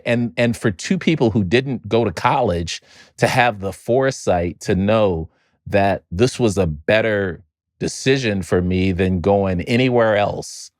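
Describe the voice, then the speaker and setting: A middle-aged man from Chicago, a podcast guest, telling a family story in an animated way and often repeating words while he finds his next thought. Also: on the low side, no echo, studio quality. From Chicago, United States. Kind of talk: storytelling in a conversational interview.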